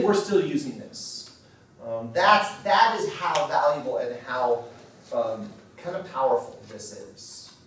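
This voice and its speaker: A man's voice: a little high, a little hiss or hum. A man in his forties leading a marriage workshop at a church, talking casually and checking in with his audience. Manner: conversational, self-deprecating, checks in with "okay?". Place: church hall. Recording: very echoey hall from far off.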